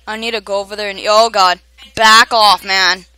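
A young woman giving excited gameplay commentary, often shouting at other players and laughing. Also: mid-range voice, normal speed, clear, resonant tone, no echo. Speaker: gamer.

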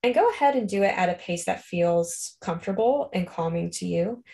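A woman leading a guided Christian meditation, speaking gently and unhurriedly, with soft fillers as she talks. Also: on the low side, lively intonation, normal speed, creaky. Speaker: counselor leading a meditation class.

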